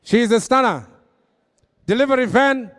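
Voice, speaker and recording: A man working as an auctioneer, pitching vehicles with jokey patter and then rattling off bids in a rapid-fire auction chant. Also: expressive, a bit bright. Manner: joking, high-energy patter with rapid-fire bidding calls.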